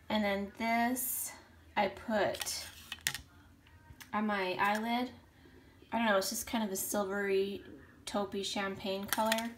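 A woman vlogger chatting casually through her makeup, rambling a bit and often clearing her throat. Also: mid-range voice, background noise. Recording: roomy echo.

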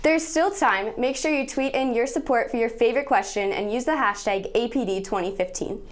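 A young woman co-presents a campus TV segment in a high voice, friendly as she reminds viewers to tweet their votes. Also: fairly quick. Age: young adult. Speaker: student co-presenter.

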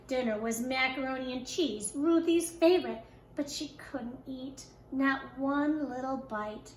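High, expressive woman reading aloud. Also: slow pace, a little hiss or hum. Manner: expressive, animated storytelling. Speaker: kindergarten teacher. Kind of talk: reading a picture book aloud. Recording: echoey room.

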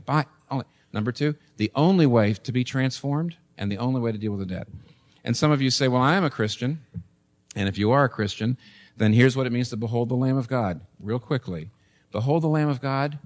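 A man in his sixties preaching a sermon as pastor, emphatic, with sudden rises and soft drops. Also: mid-range voice.

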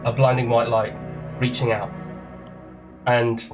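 Slow-paced man narrating as game master. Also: mid-range voice, flat delivery, muffled recording. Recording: music bed under voices.

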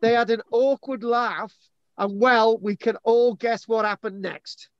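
A man hosts with a high, jokey voice, teasing his guests and wandering off topic as he reads. The sound is dry and dull, like a lo-fi recording. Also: fairly even intonation, unhurried, clear, resonant tone, dry recording. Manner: teasing, rambling, self-mocking. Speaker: host. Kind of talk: jokey live chat and reading aloud.

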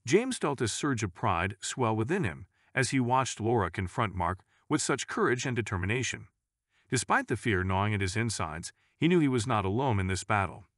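A male narrator reading a scripted story, measured and even in manner. His voice is low but moves through a lively range of pitch, and the recording is dry and close with no room sound. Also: dry recording.

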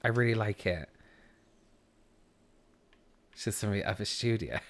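A man's voice: fairly low pitch, animated, unhurried. A man from the West Country of England, chatting casually while streaming a game, rambling and often breaking off mid-sentence. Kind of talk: casual chat while gaming.

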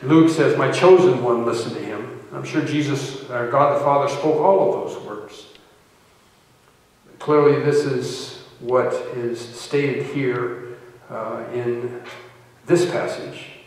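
A male pastor delivers a sermon at a middle pitch, moving between read scripture and loose, restarting explanation. His voice rings through a large, reverberant church hall and sounds distant from the microphone. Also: steady tone, slow. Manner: reads scripture aloud, then explains it with restarts and fillers. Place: church sanctuary.

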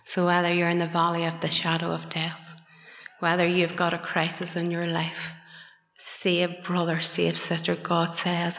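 A woman's voice: lowish voice, monotone, measured pace, creaky. Fervent Northern Irish woman in echoey hall. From Northern Ireland. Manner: fervent, drops into hushed whispers. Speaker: speaker giving testimony. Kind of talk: church testimony. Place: fellowship meeting hall. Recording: echoey hall with long reverb.

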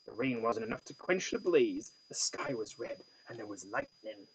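A man's voice: lowish voice, very animated, normal speed, husky, poor audio. A man voicing a weary lodging-house woman in her fifties with a Cornish accent, telling her story in a wistful, broken way.

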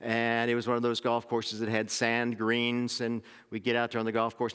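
A man's voice: medium pitch, monotone, moderate pace, fairly bright tone, smooth. A middle-aged man from Oklahoma, preaching a sermon in a folksy storytelling way with many restarts. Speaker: pastor. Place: church sanctuary. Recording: long sanctuary reverb.

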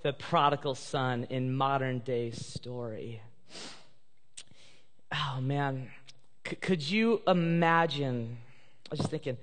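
A man's voice: mid-range voice, slow, long pauses. A male pastor preaching a sermon and telling a story with emotion, at times tearful. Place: church sanctuary. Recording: live church hall reverb.

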